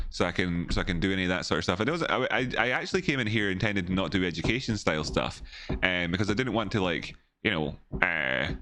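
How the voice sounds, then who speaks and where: A man talks through market charts on a casual home livestream, and his voice sits very low. He rambles, restarts his words and breaks off to chat with his viewers. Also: pushed and bright. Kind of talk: casual live-stream chart analysis.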